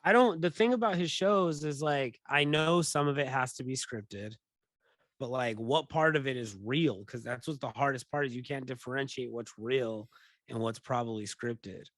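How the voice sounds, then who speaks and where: A young man co-hosting a podcast, telling a story in casual chat, animated, full of "like" and swearing freely. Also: mid-range voice, normal speed, no echo. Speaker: podcast co-host.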